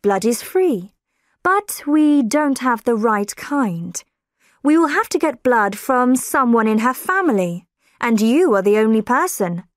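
A woman's voice: fairly high pitch, big pitch swings, a little slow, no room sound, studio quality, pitched above the performer's own voice. A woman narrator voicing a clever middle-aged lady detective who speaks firmly and takes command. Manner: firm and commanding.

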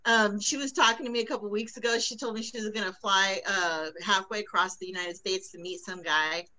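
A woman's voice: medium pitch, steady tone, brisk, sharp tone, slight background noise, poor audio. A woman performing a stand-up comedy set before a live audience. She tells stories in a chatty way and laughs at her own jokes. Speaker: stand-up comic.

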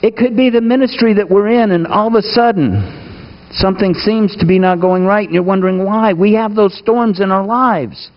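Preacher with a higher voice, dull recording. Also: male voice, normal speed. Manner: asks the congregation questions, swings between raised and hushed delivery. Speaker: pastor. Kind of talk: sermon.

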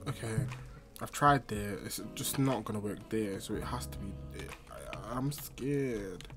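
A man's voice: on the low side, slow pace, music in the background. A young man hosting his gaming channel, chatting casually through the game, flustered and making fun of himself. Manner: chatty, flustered and self-mocking.

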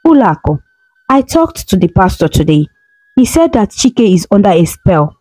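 A woman voicing a loving mother who speaks in a gentle, reassuring way. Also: medium pitch, sing-song, normal speed, soft background music, rough recording. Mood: comforting.

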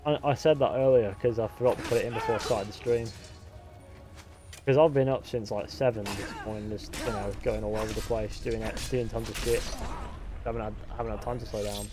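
A young man streaming a game live, chatting casually, swearing freely and answering his chat out loud. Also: on the low side, fairly even intonation, a little fast, over music.

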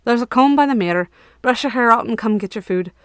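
A woman's voice: fairly high pitch, quick pace, fairly bright tone, clean tone, dry recording, clean studio sound, voice pushed up, close to an everyday voice. A woman voicing a sly, amused male knight who teases in a brash, casual way, in a read-aloud story. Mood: teasing.

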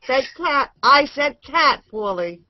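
Actress for a high, theatrical, gushing woman character, muffled web-call audio. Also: animated, a little slow. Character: flamboyant woman who calls people darling. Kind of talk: comedic character bit on a video hangout. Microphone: video call mic. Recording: dull lo-fi video call audio.

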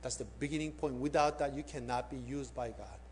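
A male pastor preaching a sermon. He tells a story and puts direct questions to his listeners, swinging between emphatic peaks and hushed appeals. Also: medium pitch, brisk, slight background noise.

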